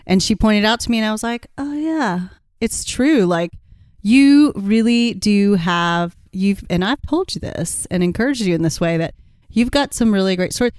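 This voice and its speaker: A woman's voice: mid-range voice, animated, moderate pace, darkish tone, clear, resonant tone, no echo, studio quality. A woman co-hosting a podcast in casual chat, encouraging and coaching her co-host. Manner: encouraging, coaching tone, pushes the other to act.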